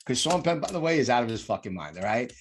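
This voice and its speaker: A man guesting on a podcast, telling crude, animated stories in casual chat and acting out the people in them. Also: medium pitch, fast, a little hiss or hum. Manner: profane, animated storyteller acting out others.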